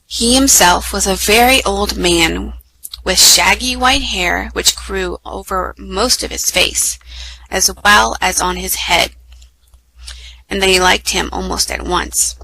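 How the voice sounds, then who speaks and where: A woman reading a children's book aloud at story time, lively and with small self-corrections. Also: medium pitch, slow, vocal fry, slight background noise, low-quality recording. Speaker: storytime reader.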